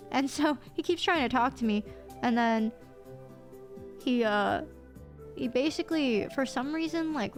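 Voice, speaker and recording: A woman livestreamer telling a story to her chat in an animated way, swearing casually and breaking into laughter. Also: a little high. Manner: excitable, swears casually, quick bursts of laughter.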